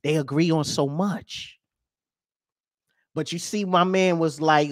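A man hosting a podcast, ranting over news clips with profanity and rhetorical questions, swinging between loud and soft. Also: on the high side, steady tone, slow pace, pauses often, no room sound, studio quality. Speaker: podcast host.

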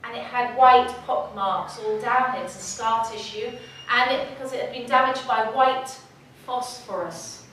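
Earnest woman speaker, slightly high voice, recorded from a distance in a reverberant hall. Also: measured pace, fairly bright tone. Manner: earnest, heartfelt storytelling. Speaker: guest speaker. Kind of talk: emotional personal story talk. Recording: echoey hall, distant mic, faint noise.

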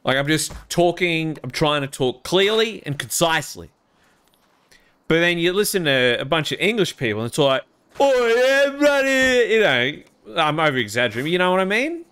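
A man's voice: a little high, sing-song, fairly quick, sharp tone, smooth. Australian man chatting wryly to viewers. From Queensland, Australia. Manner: rambling, wry, self-amused. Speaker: streamer. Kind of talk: casual chat with stream viewers.

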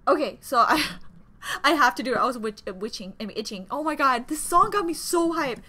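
A woman hosting a casual reaction video, gushing excitedly with gasps and squeals. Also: high voice, brisk. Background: faint music from the video being watched.

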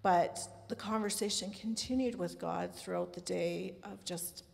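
A woman sharing her faith on a church panel, speaking earnestly with soft laughs. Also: lowish voice, fairly even intonation, unhurried, creaky, few pauses, long reverb tail. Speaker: panelist mother.

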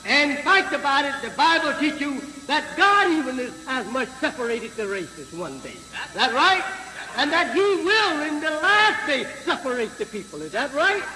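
A man preaching to a live audience in a slow, emphatic way, often asking the crowd whether he is right and pausing on fillers. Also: extremely high pitch, very animated, sharp tone. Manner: slow, emphatic, repeated rhetorical questions to the crowd; halting with frequent fillers and restarts. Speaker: religious leader addressing a crowd. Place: large hall with an audience. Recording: echoey hall, noisy 1950s archive recording.

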